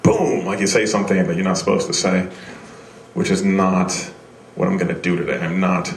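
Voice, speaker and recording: A man's voice: sits low, moderate pace, roomy sound, a crowd in the background. A young man doing a live stand-up set on a small club stage, rambling and self-deprecating, with many restarts. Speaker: stand-up comedian. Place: small comedy venue stage.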